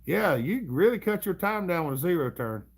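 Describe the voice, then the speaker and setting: A man's voice: sits high, sing-song, normal speed. Folksy Southern man chatting about engines. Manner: drawling, chuckling, folksy mechanic talk. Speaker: livestream host. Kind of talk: casual live chat reading comments.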